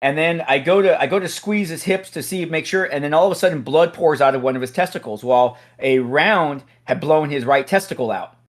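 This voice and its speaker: Male host, slightly high voice, animated storyteller who builds to loud punchlines. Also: brisk, hardly any pauses. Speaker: host, SWAT officer. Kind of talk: casual storytelling chat.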